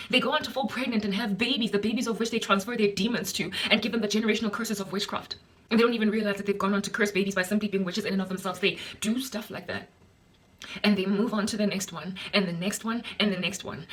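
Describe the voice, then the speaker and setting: A woman's voice: medium pitch, fairly bright tone. A South African woman giving an impassioned, indignant preaching monologue with emphatic repetition. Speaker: Christian vlogger.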